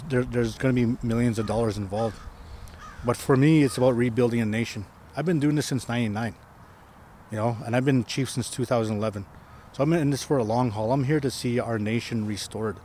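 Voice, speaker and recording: A man's voice: medium pitch, darkish tone, slight background noise. Rambling man chief telling a story outdoors. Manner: rambling, with many restarts and tag questions. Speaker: First Nation chief. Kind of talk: casual storytelling interview. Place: outdoors on a hill.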